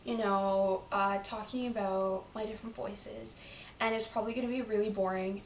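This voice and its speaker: A woman's voice: mid-range voice, slight background noise. Chatty teen girl, rambling vlog talk. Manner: rambling, filler-heavy and chatty. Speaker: vlogger. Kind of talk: casual vlog chat. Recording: roomy, from a distance.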